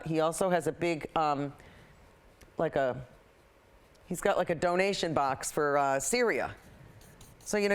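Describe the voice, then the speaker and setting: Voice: medium pitch, clean tone. Rambling painting show host chatting away. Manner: rambling, opinionated, heavy on fillers; repeats itself, often restarts sentences. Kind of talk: casual chat while painting.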